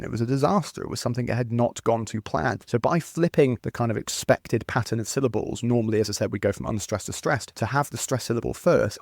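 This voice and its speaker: A man co-hosting a poetry podcast, talking through a poem's meter in an articulate, measured, explanatory way. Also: mid-range voice, vocal fry, darkish tone, no echo, clean studio sound. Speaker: podcast co-host. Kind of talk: conversational poetry analysis.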